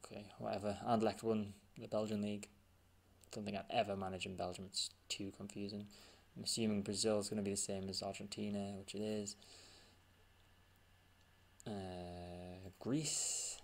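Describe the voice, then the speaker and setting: A man's voice: lowish voice, level tone, normal speed, creaky. A man giving casual gameplay commentary, thinking aloud and muttering as he reads results off the screen. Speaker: gaming channel host.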